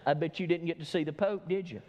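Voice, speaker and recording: A woman's voice: low voice, steady tone, fast, warm tone, in a large hall, lo-fi sound, natural voice. A male preacher voicing an incredulous woman hairstylist in a joke told from the pulpit. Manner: incredulous, nosy questions. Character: surprised chatty woman hairstylist.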